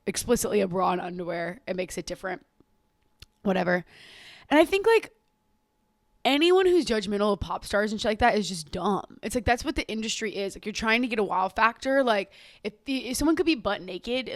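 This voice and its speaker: A woman's voice: medium pitch, no room sound. A young woman in her twenties chats through her solo podcast, cursing freely and gushing over celebrities. She rambles, laughs and keeps apologizing. Her voice is close and dry, with no room sound. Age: 20s. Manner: animated, gushing about pop culture. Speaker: podcast host. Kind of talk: casual solo podcast chat.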